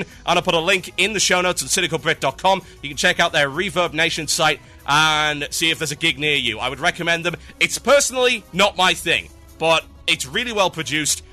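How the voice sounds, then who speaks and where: A young man hosts a solo gaming podcast, ranting bluntly about what he thinks. His voice is very bright and sharp, and it sits slightly high. Faint music plays behind him. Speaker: podcast host. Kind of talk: casual solo podcast talk.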